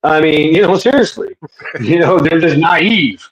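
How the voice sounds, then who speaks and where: A man in casual conversation, talking in an animated way and acting out imagined voices. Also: on the high side, a little slow, lo-fi sound, a loud crowd. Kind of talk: casual podcast chat.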